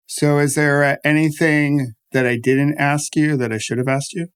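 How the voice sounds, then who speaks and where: A man hosting a podcast, gentle and affirming as he talks with his guest. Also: fairly high pitch, level tone, normal speed, few pauses, clean tone. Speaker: podcast host. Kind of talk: interview conversation.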